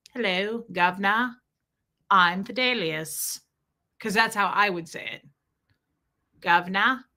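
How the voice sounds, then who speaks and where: Bright-voiced woman chatting on a livestream. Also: mid-range voice. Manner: chatty, rambling, greets viewers by name. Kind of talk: casual livestream chat.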